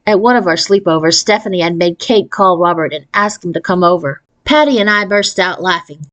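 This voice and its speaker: A woman reading a children's chapter book aloud in a steady narrating voice. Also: on the low side, a little fast, few pauses, no echo. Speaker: storyteller.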